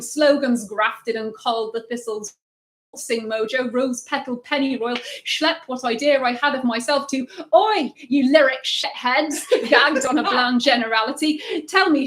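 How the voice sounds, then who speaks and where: A woman's voice: on the high side, reverberant. A woman poet giving a rhythmic, wry poetry reading with sudden emphatic bursts, streamed live. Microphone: livestream.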